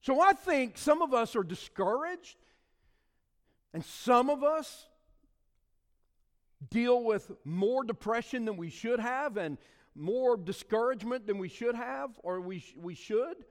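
A man's voice: very high voice, animated, slow. Man preaching in an echoing hall. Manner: preaching with sweeping swings between loud and soft. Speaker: pastor. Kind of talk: sermon. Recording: long reverb of a large hall.

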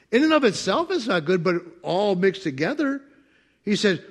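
A man preaching a sermon as pastor, animated and playful, acting out voices with bursts of laughter. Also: high-pitched, brisk. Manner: animated, acts out God's voice with laughter.

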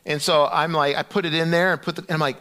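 A middle-aged man preaching a sermon in a conversational, animated storytelling way, often restarting his sentences. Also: on the high side, quick pace. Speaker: pastor.

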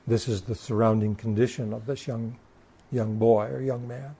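A man's voice: medium pitch, steady tone, normal speed, vocal fry, mellow, slightly rough. A man preaching a sermon, reading scripture aloud and explaining it with emphatic stress on key words and occasional stammered restarts.

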